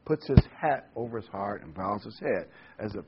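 A man's voice: lowish voice, expressive, moderate pace, a little hiss or hum. A man preaching a Bible study sermon, reading scripture aloud, telling jokes and stressing key words. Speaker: pastor. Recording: dull lo-fi recording.

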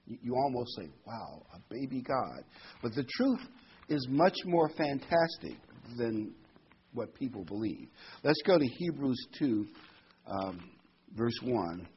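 A man's voice: mid-range voice, sing-song, slow pace, slight background noise. A man preaching a sermon to a small congregation in a conversational way, asking rhetorical questions and reading scripture aloud. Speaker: pastor. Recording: dull lo-fi recording.

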